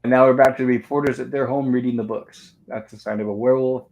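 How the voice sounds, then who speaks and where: A man hosts a relaxed movie review livestream. He recaps the film scene by scene, reading the characters' lines aloud as he goes. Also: mid-range voice, fast talker, gravelly, lo-fi sound. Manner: narrates scenes step by step, reading out dialogue.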